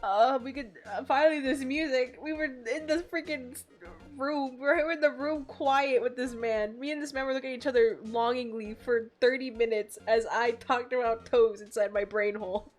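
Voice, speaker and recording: A giggly, chatty streamer with a high, feminine voice who keeps greeting viewers by name. The voice sits high, and soft music plays underneath. The talk stays casual, loose and bubbly. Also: female voice, fairly even intonation, normal speed. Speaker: game streamer. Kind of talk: casual live-stream chat and game reading.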